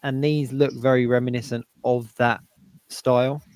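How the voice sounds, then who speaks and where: A man co-hosting a casual geek news chat, easygoing and agreeable, chiming in with quick yeahs. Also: medium pitch, level tone, darkish tone, clear, resonant tone, no echo. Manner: agreeable, lots of quick "yeah"s. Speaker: co-host.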